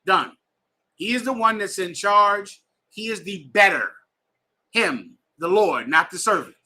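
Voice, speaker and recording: Emphatic high-voiced man teaching scripture. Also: unhurried, bright, forceful tone. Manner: emphatic, directs readers, casual slang. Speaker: scripture class instructor. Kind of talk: preaching-style bible class teaching. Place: classroom with students.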